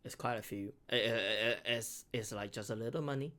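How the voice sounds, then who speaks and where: A man's voice: on the low side, bright, forceful tone. A man whose first language is Mandarin, giving casual, heartfelt reaction commentary in English, stopping and restarting his sentences. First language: Mandarin Chinese. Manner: halting, many restarts and repeated words; earnest, heartfelt. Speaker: beatboxer reacting to videos.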